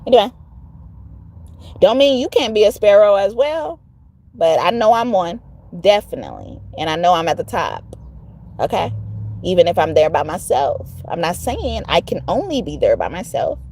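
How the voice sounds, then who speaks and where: A woman's voice: medium pitch, very animated, moderate pace, darkish tone. A woman tarot reader talking casually to her viewers, blunt and emphatic, cussing freely. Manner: emphatic, blunt, cusses a lot. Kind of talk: casual tarot vlog talk.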